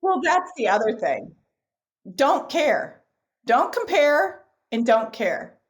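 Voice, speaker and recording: A middle-aged woman guest in a podcast interview, speaking emphatically and repeating key phrases, telling lively stories. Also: high-pitched, slow pace. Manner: animated storyteller.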